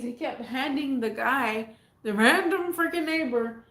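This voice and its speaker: High-voiced woman telling a story casually. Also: a little slow, roomy sound, a little hiss or hum. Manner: animated, rambling, slangy. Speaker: vlogger.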